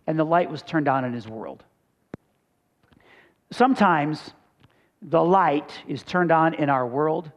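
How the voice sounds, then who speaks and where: A middle-aged man from Michigan, a pastor preaching a sermon, rising to loud emphatic peaks and dropping into quiet storytelling asides. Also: a little high, expressive, slow, pauses often.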